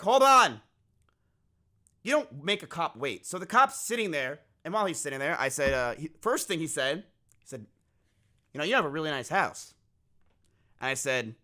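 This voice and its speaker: A young man streaming, telling a story in casual chat, swearing freely and acting out what people said. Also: on the high side. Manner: animated, swears freely, acts out quotes.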